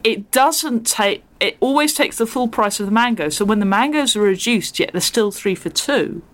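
A woman's voice: fairly high pitch, normal speed, slight background noise. A woman comedian and podcast guest from England, chatting casually and building up an anecdote to a punchline. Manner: animated storyteller building to a punchline. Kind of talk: casual chat.

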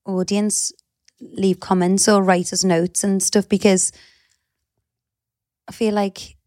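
A woman's voice: mid-range voice, flat delivery, slow pace, darkish tone, no room sound, clean studio sound. Chatty Liverpool woman co-hosting. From Liverpool, England. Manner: chatty, teasing, sprinkles in "you know" and "like". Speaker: podcast co-host. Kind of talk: casual chat.

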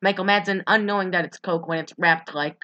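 A woman in casual chat, recapping a movie in a rambling, giggly way and putting on quick voices for the characters. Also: fairly low pitch, steady tone, bright, forceful tone, lo-fi sound. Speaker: podcast co-host recapping a movie.

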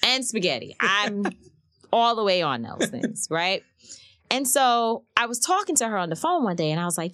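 A woman's voice: moderate pace, no echo, clean studio sound. A woman who organizes marches, talking candidly in an interview and acting out quoted voices as she tells stories. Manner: animated storytelling, acts out quotes with rising pitch.

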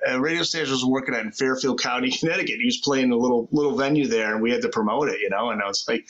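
A man hosting a podcast in front of a live crowd. He chats loosely and laughs a lot between trivia questions, in a middle-pitched voice. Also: very fast, few pauses, a bit bright, dull audio. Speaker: podcast host. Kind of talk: casual banter at a live show.

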